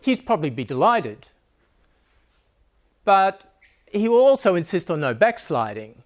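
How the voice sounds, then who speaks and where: A man's voice: high-pitched, sing-song, measured pace. A man giving a humorous talk to a live audience, joking and conversational, laughing at his own lines.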